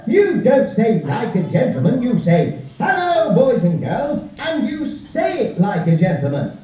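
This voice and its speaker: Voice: medium pitch, sing-song, measured pace. A bouncy, playful clown, as a puppeteer puts him on. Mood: scolding. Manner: playful, teasing, sing-song audience banter. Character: cheery clown host of a puppet show. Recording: distant echoey muffled outdoor recording with crowd. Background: crowd of children.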